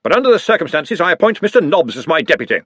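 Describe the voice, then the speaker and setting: A man voicing a gruff elderly male wizard head with loud, indignant outbursts, in an audiobook reading. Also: on the high side, big pitch swings, very fast, no echo, pitched above the performer's own voice.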